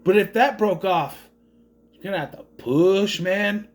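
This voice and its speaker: A man's voice: high voice, a little slow. A man from southern Minnesota giving a casual, rambling movie review with joking asides.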